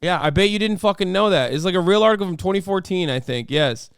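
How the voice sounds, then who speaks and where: A man's voice: sits high, animated, fast talker, clear, resonant tone, dry recording, studio quality. A man hosting a stream, giving casual political commentary in a heated, profane way. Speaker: streamer host.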